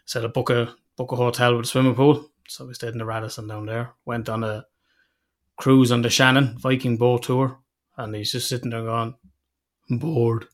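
A man's voice: medium pitch, brisk. Irish man telling stories with sweary humour. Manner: swears freely, tells stories with lively quoted voices, laughs often. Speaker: podcast host. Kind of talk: casual chat.

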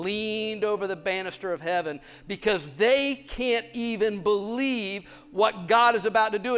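A male pastor preaching in a playful, animated, conversational way. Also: sits high. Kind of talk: sermon.

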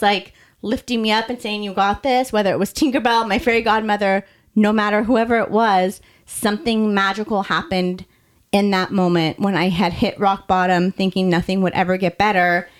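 A young woman with a mid-range voice tells her story on a podcast. She speaks candidly and from the heart, sometimes rushing through a line. Her delivery sounds like an open conversation. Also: medium pitch, fairly even intonation.

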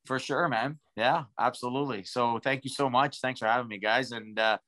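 A man's voice: mid-range voice, steady tone, moderate pace, bright, forceful tone, no room sound. A man who is a guest on a podcast, friendly and easygoing as he thanks the hosts. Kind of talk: casual chat.

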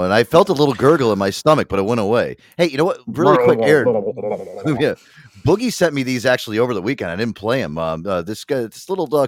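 A man co-hosting a casual podcast, joking and laughing along with quick interjections. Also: medium pitch, no echo. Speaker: co-host.

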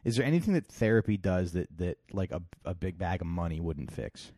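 A man's voice: low voice, expressive, fairly quick, mellow, dry recording, studio quality. A man co-hosting a podcast in casual chat, mostly giving short, laid-back replies. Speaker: podcast co-host.

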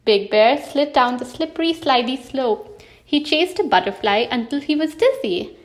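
Expressive woman reading a children's storybook. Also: high voice, moderate pace. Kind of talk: storybook read-aloud.

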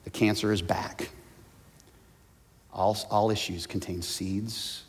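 A man's voice: low voice, fairly even intonation, slow, long pauses, breathy edge. Preaching man in a reverberant hall. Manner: preaching with big swings from loud to soft. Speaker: pastor. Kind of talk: sermon. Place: church sanctuary.

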